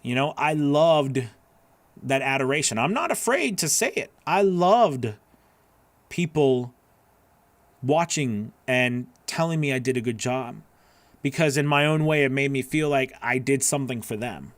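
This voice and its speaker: A man's voice: medium pitch, animated, a little slow, dry recording. A man hosting a live voice-over class, answering chat questions in an earnest, encouraging way that rambles with restarts.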